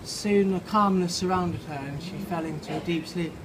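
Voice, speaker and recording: A slightly drunk man reading his own story aloud outside a pub, halting and playful, with restarts and swearing. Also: high-pitched. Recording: noisy outdoor pub ambience.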